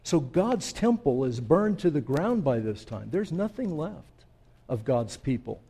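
A man preaching a sermon in an unhurried, storytelling way, speaking directly to his listeners. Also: on the high side, sing-song, mellow, breathy edge. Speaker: pastor.

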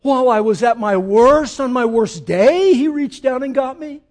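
Emphatic high-voiced male preacher. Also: expressive, moderate pace. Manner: emphatic, rising to loud peaks then dropping low and intimate; asks the congregation direct questions. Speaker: pastor. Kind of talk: sermon.

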